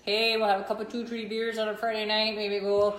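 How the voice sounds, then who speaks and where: A woman putting on a folksy Wisconsin accent to play a beer-loving border-town local with a drawn-out way of talking. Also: medium pitch, completely flat delivery, a bit bright, natural voice. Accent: put-on Wisconsin accent. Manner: drawn-out, folksy, ends lines with "hey". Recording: roomy echo.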